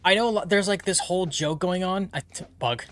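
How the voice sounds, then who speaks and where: A man chats his way through a game stream in a rambling, casual way, his voice sitting a bit high. He wanders between thoughts while playing. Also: a little fast, a bit bright. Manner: rambling, many fillers, chatty. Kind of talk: casual gameplay commentary.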